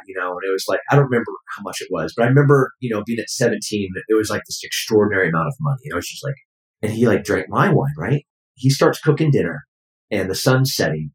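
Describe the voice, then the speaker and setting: A man with a low voice tells family stories in an easygoing, animated way, switching into quoted voices as he goes. The room around him sounds echoey and open. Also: fast talker. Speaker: guest. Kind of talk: casual storytelling.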